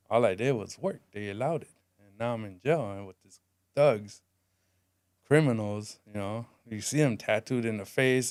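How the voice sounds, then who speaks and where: A man in his forties with a smooth, resonant voice, recounting hard times in candid, street-style speech. His tone drops low and soft when the memories weigh on him. The sound is close and dry, with no room around it. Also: dry recording. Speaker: podcast guest. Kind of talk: emotional storytelling.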